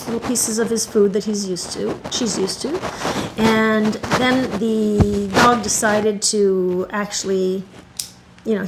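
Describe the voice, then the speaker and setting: This woman, a dog groomer who also hosts videos, rambles through a long story at work in her home grooming room, fixing her own words and stopping to soothe the dog. She has a mid-range voice, with background noise behind her.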